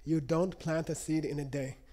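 A man's voice: a little high, steady tone, moderate pace, warm tone. A man giving a live lecture to an audience, teaching in a conversational way and checking in often with "okay?". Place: lecture room.

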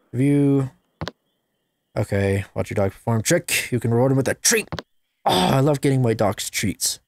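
A woman's voice: very deep voice, a little mellow. A woman giving casual gameplay commentary, sarcastic and playful, chatting to a virtual puppy.

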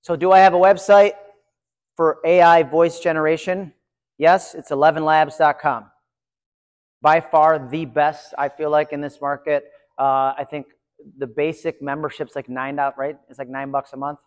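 A man giving a live conference session, chatty and energetic, talking to his audience. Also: fairly high pitch, moderate pace, clear, resonant tone. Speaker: conference presenter. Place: large conference room. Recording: reverberant hall.

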